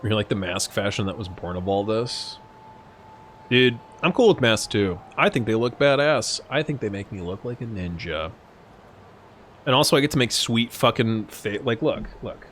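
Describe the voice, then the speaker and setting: A man's voice: lowish voice, expressive, normal speed, fairly bright tone, slight background noise. A young man streaming and chatting while gaming, a little drunk, rambling, swearing and laughing a lot. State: tipsy from drinking. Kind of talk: casual live-stream chat while gaming.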